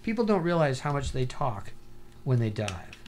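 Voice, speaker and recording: Animated rambling male interview guest. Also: medium pitch, moderate pace, slight background noise. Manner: animated, rambling storyteller full of "you know". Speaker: guest, scuba diver and paranormal investigator. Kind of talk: casual interview chat.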